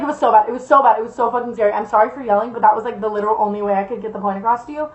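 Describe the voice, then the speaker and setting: Young woman vlogger, higher voice, chatty storytime delivery, heavy swearing, lo-fi and roomy recording. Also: fairly even intonation, very fast, few pauses. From Las Vegas, USA. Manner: rambling, swears a lot, repeats herself for emphasis. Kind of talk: casual storytime.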